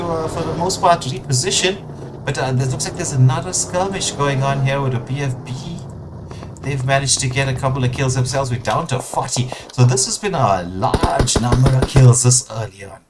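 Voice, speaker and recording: A man casts an online shooter tournament live, talking through the fights with plenty of fillers and sudden jumps in excitement at big plays. His voice sits in a middle register. Steady noise runs clearly under the whole recording. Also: medium pitch. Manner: excitable play-by-play with frequent fillers and bursts of excitement. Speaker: esports caster. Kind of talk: live game commentary.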